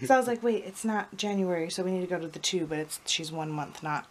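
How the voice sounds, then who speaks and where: A woman's voice: fairly low pitch, fast. A young woman and new mother chatting casually for her vlog, rambling a little and laughing easily.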